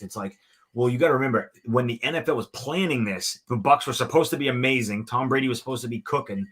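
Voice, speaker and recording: Man, sports analyst on a podcast, middle pitch; steady and explanatory. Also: brisk. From United States. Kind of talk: casual sports talk.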